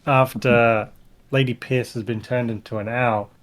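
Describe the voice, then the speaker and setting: A man's voice: medium pitch, fairly even intonation, measured pace. A man narrating casually as the game master of an online tabletop game. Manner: casual, descriptive, laid-back.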